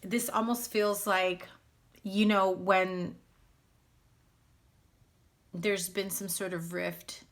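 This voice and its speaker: A woman's voice: mid-range voice, flat delivery, extremely slow, long pauses. A woman giving a casual spoken tarot reading to her viewers, blunt and candid, speaking straight out. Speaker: tarot reader.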